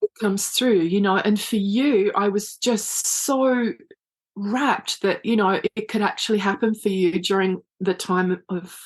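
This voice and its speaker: Middle-aged woman guest on a podcast, soft and reflective, lots of "you know". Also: mid-range voice, steady tone, measured pace. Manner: gentle, reflective, full of 'you know'. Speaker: psychic medium guest. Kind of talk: casual podcast interview.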